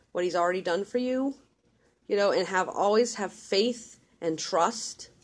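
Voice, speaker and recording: A woman giving casual, earnest religious advice in a vlog, repeating herself insistently and rambling with restarts. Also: mid-range voice. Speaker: mother.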